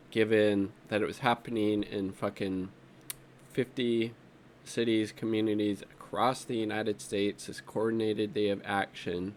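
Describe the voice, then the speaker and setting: A man with a fairly low, slightly mellow voice rambles through casual, unscripted political commentary while scrolling social media. He swears freely and sounds exasperated, and there's a little background noise.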